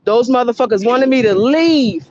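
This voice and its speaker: A woman's voice: a little high, animated, moderate pace, darkish tone, dull audio, slight background noise. Woman ranting heatedly into a phone. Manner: heated, profane, repetitive. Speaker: livestreamer. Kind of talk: live-streamed rant to viewers.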